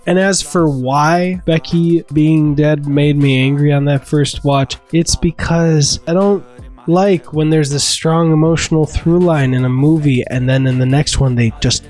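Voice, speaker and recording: A man's voice: on the high side, animated, unhurried, darkish tone, faint music behind. A man vlogging in a casual video-diary style, candid and rambling, swearing freely. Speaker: movie vlogger.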